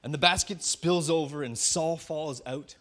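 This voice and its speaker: Man preaching, pastor, slightly high voice, conversational, slows down on key words. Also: a bit bright. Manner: conversational storytelling, slowing down to dwell on words; self-deprecating asides. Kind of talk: sermon.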